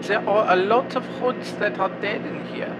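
A man's voice: high-pitched, normal speed, very noisy, natural voice. A man voicing a pompous male mushroom creature who calls in to a comedy show and speaks in a formal, grandiose way. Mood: boastful. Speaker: caller.

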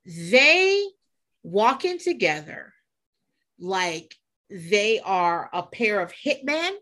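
Bright, lively gossiping woman. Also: medium pitch, drawn-out words. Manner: animated, gossipy, laughs often, swears casually. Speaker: podcast co-host. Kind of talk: casual chat.

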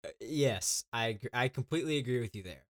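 A man co-hosting a casual chat, excitable and laughing a lot, swearing freely. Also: medium pitch, a little fast, no room sound, studio quality. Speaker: podcast co-host.

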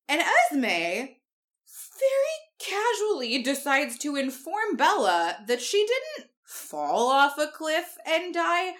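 A young woman co-hosting a podcast retells a book's plot in casual chat, sarcastic and full of swearing. Her voice is fairly high-pitched with a fairly bright tone.

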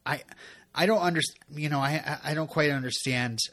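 A man's voice: a little high, brisk, a bit bright. A man in his thirties co-hosting a podcast, recapping episodes in a rambling, self-interrupting way with frequent chuckles. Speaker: podcast co-host. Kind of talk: casual recap chat.

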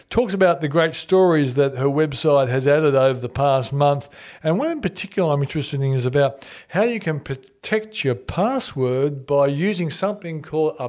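A man's voice: medium pitch, a little mellow. An Australian man hosting a radio interview, chatty and jovial, laughing often as he tells stories. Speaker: radio show host. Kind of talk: casual interview chat.

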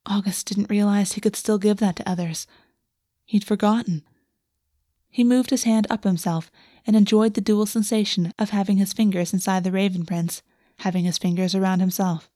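A woman reading a fantasy romance aloud as narrator, in a soft, steady storytelling voice on a close microphone. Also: medium pitch, moderate pace, no echo. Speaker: audiobook narrator. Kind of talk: scripted narration.

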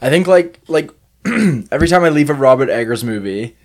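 A man's voice: medium pitch, animated, a little fast. A man co-hosting a casual film podcast, talking in loose rambling sentences full of fillers and restarts. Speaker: podcast co-host. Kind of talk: casual film review chat.

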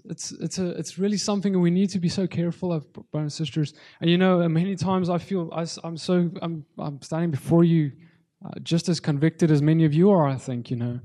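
Earnest man preaching, mellow voice. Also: fairly high pitch. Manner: earnest, conversational, many restarts. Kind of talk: sermon.

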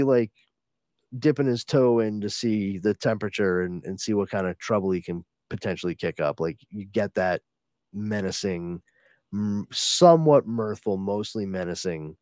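Laughing, animated man talking comics. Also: fairly low pitch, a little slow, dry recording, studio quality. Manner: laughing, animated retelling with acted-out quotes. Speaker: comic book podcast host. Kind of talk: casual comic discussion.

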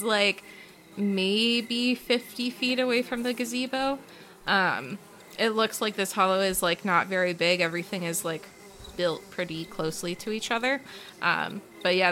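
A woman's voice: medium pitch, bright, forceful tone, slight background noise. A woman narrating as game master of a tabletop game, casual and full of fillers.

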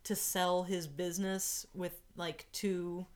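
A chatty woman co-hosting a podcast, talking loosely and trailing off between thoughts. Her voice sits a little low for a woman. She laughs easily as she goes. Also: little pitch movement, slow pace, a little mellow. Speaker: podcast co-host. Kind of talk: casual chat.

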